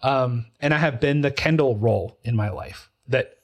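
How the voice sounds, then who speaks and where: A man in his forties talks through a TV drama in a relaxed podcast chat. His voice sits at a middling pitch, and his delivery is emotional and animated. He breaks into quoted voices as he tells a personal story. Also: normal speed. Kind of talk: casual chat about a TV show.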